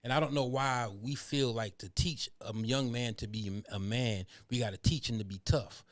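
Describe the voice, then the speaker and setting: A man's voice: medium pitch, fairly even intonation, moderate pace. A man in a casual heart-to-heart talk who preaches, asking questions and then answering them himself. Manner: preacher-like, asks and answers his own questions.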